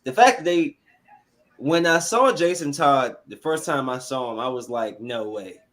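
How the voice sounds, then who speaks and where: Teasing, excitable podcast host man. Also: on the high side, moderate pace. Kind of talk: casual chat.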